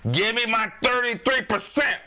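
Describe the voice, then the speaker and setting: A man voicing a menacing male mob enforcer with an exaggerated put-on Chicago accent, making gruff mock threats. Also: extremely high pitch, normal speed, pushed and bright, pitched above the performer's own voice, heavily acted.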